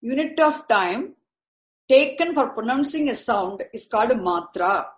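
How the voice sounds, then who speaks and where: A woman teaching Sanskrit terms, speaking deliberately and repeating each key word. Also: a little high, lively intonation. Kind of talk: slow explanatory lecture. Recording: echoey room.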